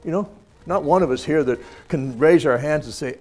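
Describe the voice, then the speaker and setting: A man's voice: a little high, moderate pace, a little mellow. A man teaching a scripture lesson, reading verses aloud and then talking them over in a plain, conversational way. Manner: many fillers and restarts.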